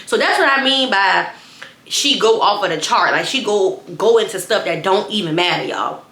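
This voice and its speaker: Woman rambling thru a storytime, bright voice, kinda echoey room. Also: mid-range voice, moderate pace. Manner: rambling, animated, repeats herself, addresses viewers as y'all. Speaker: storyteller vlogger. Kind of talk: casual storytime.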